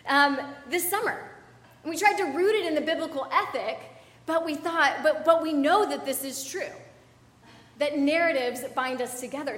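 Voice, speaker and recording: Speaking in a high-pitched, somewhat bright voice, a young woman pastor gives a loose, talkative sermon full of fillers and remarks aimed at the congregation. The setting is a church sanctuary, and the sound carries the echo of the hall.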